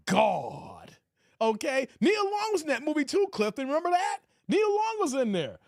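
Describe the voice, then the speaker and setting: A man talks in a lively, animated way, his pitch rising and falling constantly as he jokes and reads out chat. His voice sits in a middle register and is recorded very dry and close. He keeps repeating his catchphrases in a casual streaming style. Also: a little fast, no echo. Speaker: reaction streamer. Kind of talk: casual live commentary reading chat.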